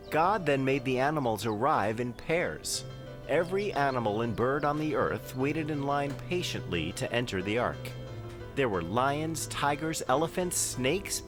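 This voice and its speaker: Man doing calm pious Noah for a kids' cartoon, earnest storybook read, lively pitch, music bed underneath. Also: unhurried. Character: calm pious male biblical patriarch. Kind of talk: scripted children's cartoon narration.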